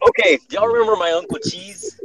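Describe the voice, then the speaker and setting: A young man with an extremely high, creaky voice talks briskly as he tells a scary story on his casual podcast. He's animated and profane, restarting often, and the recording is rough.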